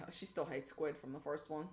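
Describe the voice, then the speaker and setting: A woman's voice: sits low, moderate pace. A young woman streaming a game live, chatting casually with her viewers in a bubbly, giggly way as she plays. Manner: bubbly, giggly and animated, greeting chat by name. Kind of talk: casual live-stream chat while gaming.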